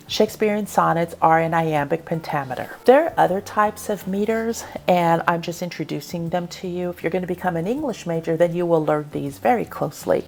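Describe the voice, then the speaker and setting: A woman, a college instructor, giving a recorded online lecture, explaining patiently and slowing down to sound out lines. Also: fairly low pitch, creaky, darkish tone.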